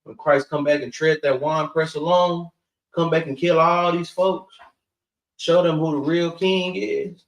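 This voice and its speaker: A man's voice: on the high side, fairly even intonation, unhurried. A man teaching a scripture class in a street-style preaching manner, who keeps repeating "guess what" and "man" and swears casually. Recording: echoey room from far off.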